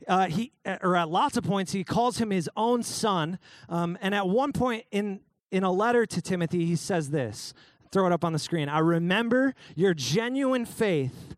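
Young man, youth pastor, high voice, dry close sound, joking sermon. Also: no echo. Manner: casual, joking, calls out listeners by name.

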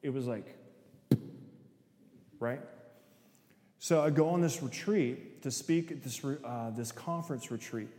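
A man's voice: medium pitch, a little slow, long pauses, darkish tone. Man preaching in an echoey hall. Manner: storytelling, often asks the audience "right?"; acts out voices in quotes. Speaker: speaker. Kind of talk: sermon-style talk to an audience. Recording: echoey hall with long reverb.

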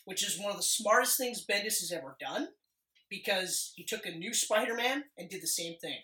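A woman's voice: medium pitch, lively intonation, a little fast, sharp tone, roomy sound, distant mic, low-quality recording. A woman with a sick voice chatting enthusiastically about a movie, swearing casually as she co-hosts. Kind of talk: casual movie review chat.

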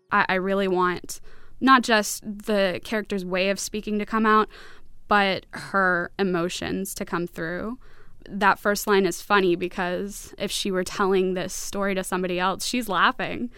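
Woman author from new york talking about her story, casual, um-ing, crisp voice. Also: mid-range voice, fairly even intonation, measured pace, sharp tone, soft background music. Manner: reflective, casual with fillers. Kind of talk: reading and discussing her fiction.

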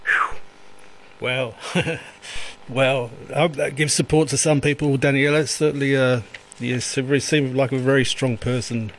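A man's voice: medium pitch, steady tone, a little slow, fairly bright tone. A man hosting an interview show, speaking casually and often stumbling, repeating and restarting his phrases. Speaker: radio interview host.

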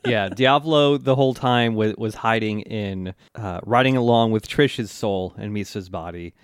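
A man's voice: lowish voice, normal speed, clean tone, no echo, studio quality. A man co-hosting a podcast, recapping an anime in casual chat, swearing freely and acting out characters' lines. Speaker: podcast co-host.

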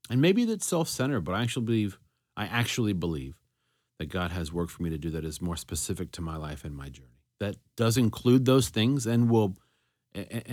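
A man's voice: on the low side, no room sound, clean studio sound. A man hosting a solo faith podcast, thinking aloud in a conversational way and often correcting himself. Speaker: podcast host. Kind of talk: solo reflective talk on faith.

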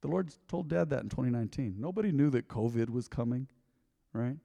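A middle-aged man preaching a sermon in a church, boldly and with passion. He moves from quiet asides to loud, emphatic calls to the congregation. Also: medium pitch, animated, a little fast, gravelly. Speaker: pastor. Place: church sanctuary. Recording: long hall reverb.

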